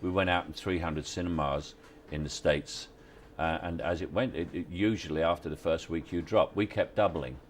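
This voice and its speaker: A man, giving relaxed, halting interview answers on location at a film set, with many restarts and wry chuckles. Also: deep voice, slight background noise. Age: 60s. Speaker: actor interviewee.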